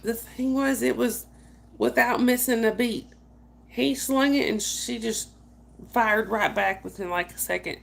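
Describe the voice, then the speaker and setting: A woman's voice: on the high side, unhurried, vocal fry. A woman hosting a night chat stream, casually telling family stories, laughing often and calling out to viewers by name. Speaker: livestream host.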